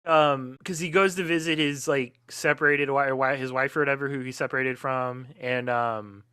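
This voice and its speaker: A young man with a bright, smooth, slightly high voice, chatting about a film on a podcast. He gropes for words with many "like"s and "um"s. The sound is dry and close. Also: fairly even intonation, normal speed, no room sound. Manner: hesitant, many fillers and restarts. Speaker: podcast co-host. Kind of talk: casual film discussion.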